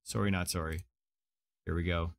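A man, a game streamer in casual live-stream chat, gushing and excitable, with faint music behind him. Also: sits low, moderate pace, creaky, very noisy. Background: faint anime music.

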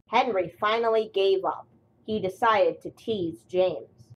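A woman narrating a children's train story in a deliberate reading voice. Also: mid-range voice, slight background noise, poor audio.

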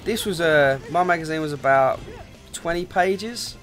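A man's voice: a little high, unhurried, fairly bright tone, faint music behind. A young British man co-hosting a gaming video, telling laddish, sweary stories in casual chat. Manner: laddish, swears a lot, storytelling. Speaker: co-host of a gaming channel.

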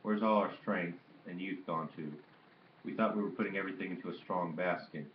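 A man's voice: low-pitched, steady tone, fairly quick, a little hiss or hum, lightly acted. A man reading the part of a bitter, angry old grandfather who mutters and rants, in a dull, roomy recording. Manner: muttering, ranting complaints.

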